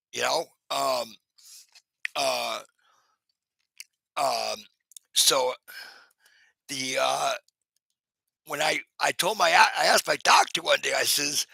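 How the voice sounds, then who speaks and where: A man chats on a live stream in a heavily gravelly, sharply bright, husky voice that sits on the high side. Animated but slow, he pauses often, rambles through fillers and restarts, greets viewers by name and laughs at himself. The recording is very dry and the audio poor.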